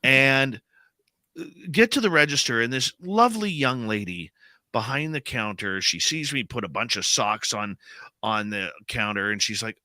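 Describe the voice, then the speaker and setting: Animated middle-aged man telling a story. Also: mid-range voice, moderate pace, no echo. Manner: animated storyteller, acts out quotes. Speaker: radio host. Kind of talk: casual storytelling chat.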